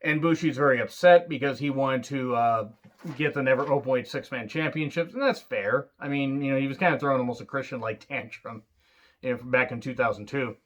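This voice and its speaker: An excitable man talks through a wrestling review in a loose, rambling solo chat. He swears freely and drifts into asides. His voice sits at an ordinary middle pitch, and the recording is a little dull and lo-fi. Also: fairly quick.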